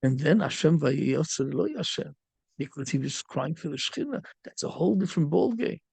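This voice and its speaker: A man's voice: a little high, animated, fairly quick, creaky, a little mellow, breathy edge, dry recording. A middle-aged man, a rabbi, giving a storytelling sermon peppered with Yiddish and Hebrew terms.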